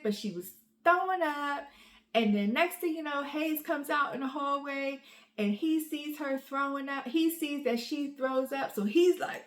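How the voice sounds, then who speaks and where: A woman, a mother and family vlogger, telling a story in an emotional, animated way with many fillers. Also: high-pitched. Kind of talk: casual storytelling to camera. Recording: roomy echo.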